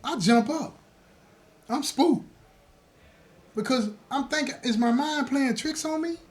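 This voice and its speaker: A host recounts his own prison experiences in a very high voice at a normal speed, speaking straight to listeners and making sure they keep up. He's lively and acts out the other people in his story, with slight background noise behind him.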